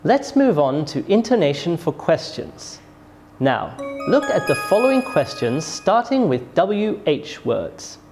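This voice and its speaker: Slow, lively-voiced pronunciation teacher. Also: medium pitch, faint music behind. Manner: careful, exaggerated rises and falls when modelling sentences. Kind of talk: scripted classroom instruction.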